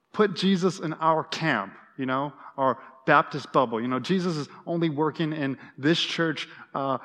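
A man preaching a sermon, animated and acting out quotes, with frequent restarts. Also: medium pitch. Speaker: pastor. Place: church sanctuary. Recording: long reverb in a hall.

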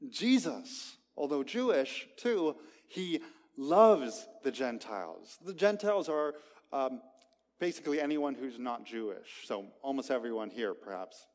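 A man preaching a sermon to a gathered congregation, emphatic, with sharp swings between loud and quiet. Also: sing-song, a little slow. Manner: emphatic, dramatic swings in loudness and pitch. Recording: long reverb of a large hall.

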